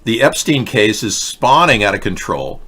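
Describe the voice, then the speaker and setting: A man's voice: on the low side, sing-song, normal speed, bright, forceful tone, husky. A man hosting a livestream political rant, sarcastic, mocking and rambling as he talks to his chat. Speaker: host.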